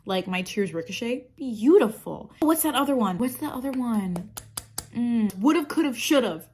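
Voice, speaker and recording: A woman's voice: fairly high pitch, animated, unhurried, darkish tone, a little hiss or hum. Chatty, sarcastic woman vlogger. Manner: chatty, rambling, sarcastic, swears freely. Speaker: makeup vlogger. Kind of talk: casual get-ready-with-me chat.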